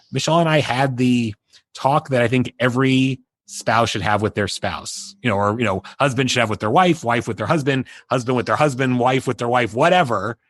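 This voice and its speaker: A man's voice: medium pitch, no room sound. A middle-aged man, a guest on an interview show, telling a personal story in a rambling way full of "you know" and restarts. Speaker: interview guest, entertainment publicist.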